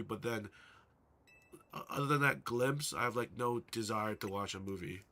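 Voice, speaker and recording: Faint music plays behind a young man whose medium-pitched voice sounds pushed and bright as he talks fairly quickly. On his live stream, he rambles casually and responds to messages in the chat.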